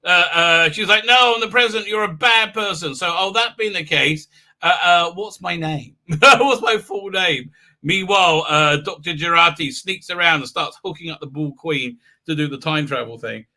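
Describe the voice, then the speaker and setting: A man rambles through a live stream recap, full of "uh"s and mocking impressions. His voice sits high and rings very bright. He bursts into sound effects and mock voices. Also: moderate pace. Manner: animated, mocking, acts out scenes with silly voices and sound effects; many hesitation fillers.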